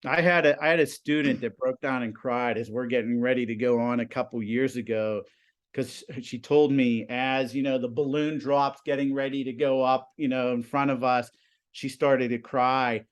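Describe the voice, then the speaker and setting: A man in his forties, a high school TV production teacher, chatting in an interview and telling animated stories with lots of "you know" and "like". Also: normal speed, smooth. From Pennsylvania, US. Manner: animated storyteller, many fillers. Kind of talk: casual interview chat.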